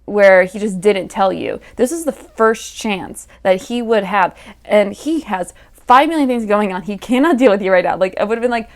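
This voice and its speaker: A woman's voice: mid-range voice, animated, moderate pace. A woman hosting a reaction channel, recapping an episode in casual, chatty commentary with lots of fillers and quoted asides to the characters. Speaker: reaction video host.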